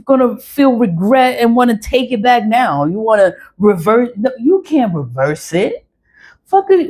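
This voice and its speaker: A woman's voice: mid-range voice, mellow. A woman ranting to the camera in a blunt, profane, defiant way, repeating her phrases and laughing between lines. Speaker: vlogger.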